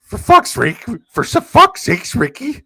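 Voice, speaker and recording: A shrill, fed-up trailer-park guy , as a Canadian man puts him on, yelping his frustration in a strained, squeaky Canadian voice. The sound is close and dry. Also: wildly swooping pitch, a little slow, pushed and bright, breathy edge, dry recording, heavily acted. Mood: exasperated. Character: high-pitched exasperated trailer-park man.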